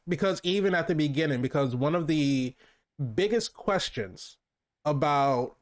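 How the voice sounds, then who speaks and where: Male co-host, casual film-review chat, meandering delivery full of restarts. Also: mid-range voice. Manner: rambling, many restarts and fillers.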